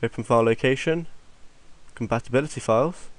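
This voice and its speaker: A man's voice: mid-range voice, fairly quick, no room sound. A young man, rambling offhandedly through a screen-recorded game tutorial while fighting a cold. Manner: offhand, rambling, mutters to himself. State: has a cold. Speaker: tutorial maker.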